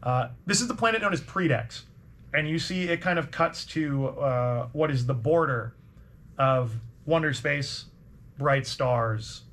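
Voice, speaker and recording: A man's voice: on the high side, measured pace, fairly bright tone. A man narrating as game master with loose, rambling delivery.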